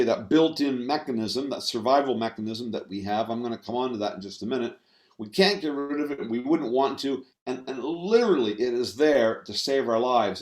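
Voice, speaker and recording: A man giving a talk on stress management to an audience, halting and full of fillers and restarts. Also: medium pitch. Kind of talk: presentation talk. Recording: roomy echo.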